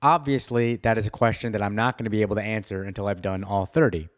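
A man's voice: fairly low pitch, steady tone, quick pace. A man hosting his own podcast, talking enthusiastically and self-deprecatingly, with frequent laughs. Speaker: podcast host. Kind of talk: solo podcast monologue.

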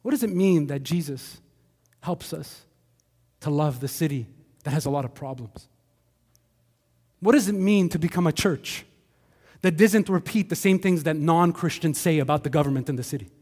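A man with a Quebec accent preaching a conversational sermon as a pastor, animated and full of acted asides. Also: fairly high pitch, normal speed, long pauses, husky, long reverb tail. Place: church sanctuary.

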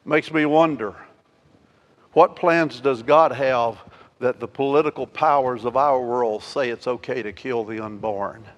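A male pastor preaching a sermon. He swings between loud, emphatic declarations and quiet, intimate asides, and asks the congregation rhetorical questions. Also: medium pitch, measured pace, muffled recording. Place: church sanctuary. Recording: long hall reverb.

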